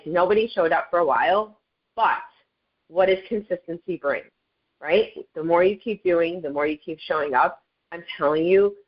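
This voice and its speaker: A woman with a slightly low voice gives a casual motivational talk on a group call. She is chatty and earnest and keeps turning to her listeners. The audio is dull and lo-fi, like a compressed call line. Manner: chatty and earnest, addresses listeners as "you guys". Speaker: network marketing leader sharing her story.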